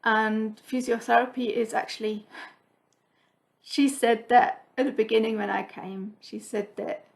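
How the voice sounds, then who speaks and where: A woman with a fairly high voice and a gravelly edge, chatting casually to her viewers. She tells a story in a loose, rambling way, laughs often and quotes the people in it. The talk stays relaxed and conversational. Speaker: cross-stitch vlogger. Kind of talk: casual chat.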